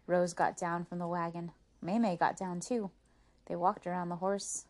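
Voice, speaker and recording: A woman reading a children's chapter book aloud to her boys, gentle and expressive. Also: lowish voice, normal speed. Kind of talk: storybook read-aloud.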